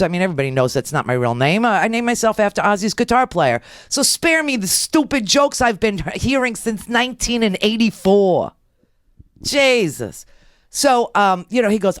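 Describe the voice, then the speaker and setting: Middle-aged lady radio host, sarcastic storytelling, dry close mic, mid pitch. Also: very animated, moderate pace, no echo. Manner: wry, sarcastic, acts out the people in her stories. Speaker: radio talk show host. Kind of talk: casual storytelling monologue.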